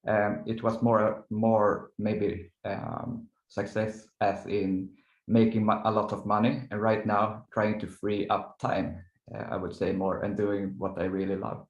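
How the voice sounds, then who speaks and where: A man in his thirties, a podcast guest, answering in a halting, thoughtful way as he searches for words. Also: lowish voice, little pitch movement, echoey room, muffled recording. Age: 30s. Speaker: startup co-founder and guest. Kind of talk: casual interview chat. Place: indoors in the evening.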